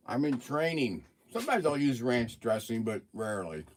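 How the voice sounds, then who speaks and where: A man's voice: mid-range voice, sing-song, moderate pace, slight background noise. A man hosting a casual livestream, chatting with viewers while eating and talking with his mouth full. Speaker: livestream host.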